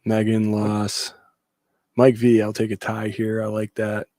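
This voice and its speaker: A man's voice: lowish voice, completely flat delivery, unhurried, mellow, dry recording, studio quality. A man co-hosting a casual sports panel podcast, giving blunt opinions and reading out viewer comments. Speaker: podcast co-host.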